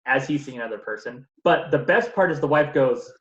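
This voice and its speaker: A man's voice: medium pitch, lively intonation, fairly quick, fairly bright tone, reverberant, lo-fi sound. A man co-hosting a casual movie review podcast, retelling scenes and acting out the characters' lines. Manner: chatty, retells scenes with little voices. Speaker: podcast co-host.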